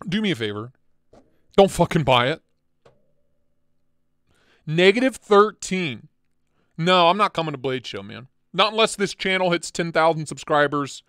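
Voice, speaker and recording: Blunt, excitable man, higher voice. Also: a little fast, clean tone, no room sound, studio quality. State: tired. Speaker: channel host. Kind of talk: casual livestream chat.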